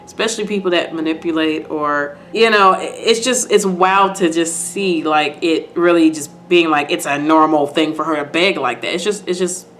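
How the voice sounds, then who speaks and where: A woman's voice: deep voice, moderate pace, few pauses, fairly bright tone, slight background noise. A woman casually recapping and reacting to a TV episode, chatty and repetitive, with lots of "like" and "you know". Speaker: video host.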